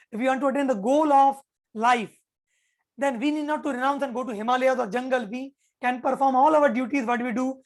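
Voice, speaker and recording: High-voiced woman teaching scripture. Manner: earnest, repeats key phrases for emphasis; chants Sanskrit verse slowly. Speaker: spiritual teacher. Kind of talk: explaining scripture to an audience.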